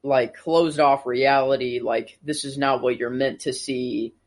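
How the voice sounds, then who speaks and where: A man's voice: mid-range voice, fairly even intonation, unhurried. A man on a casual podcast who offers his thoughts tentatively, often hedging with "I don't know". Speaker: podcast co-host. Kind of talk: casual pop-culture chat.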